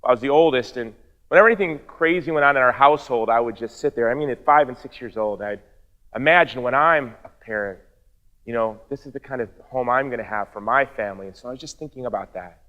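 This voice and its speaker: A man's voice: medium pitch, fast talker, fairly bright tone, big-room sound, lo-fi sound. Earnest man telling his story. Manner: earnest storytelling, wry asides. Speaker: speaker. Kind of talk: personal testimony speech.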